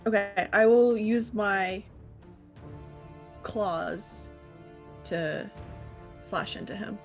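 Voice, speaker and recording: A woman at the table in a tabletop role-playing game, talking her turn through with plenty of ums and pauses. Her voice sits at a middle pitch, with faint music playing in the background. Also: gravelly. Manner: hesitant, many fillers while checking rules. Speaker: player.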